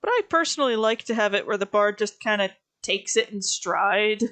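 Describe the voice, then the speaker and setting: A woman's voice: mid-range voice, expressive, normal speed, fairly bright tone, smooth. A woman hosting an art stream, chatting casually with a friend, laughing easily and joking loosely. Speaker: streamer host.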